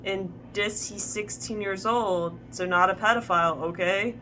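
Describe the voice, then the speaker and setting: A woman voicing a lovesick young male villain in a fanfic reading, in a deadpan way. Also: mid-range voice, measured pace, a little hiss or hum, low-quality recording.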